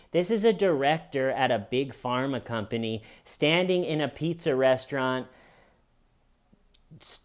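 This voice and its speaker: Man, commentator, sarcastic, wry, casual comedic talk, mid pitch.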